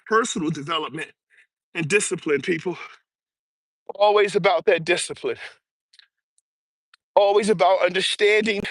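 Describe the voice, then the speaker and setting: Breathy, high-voiced man walking outdoors. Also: dry recording, studio quality. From US East Coast. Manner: energetic, chatty, greets viewers by name. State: audibly breathing hard while walking. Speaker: motivational livestream host. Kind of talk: casual livestream chat while walking. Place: outdoors on an early-morning walk. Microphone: earbuds or small mic.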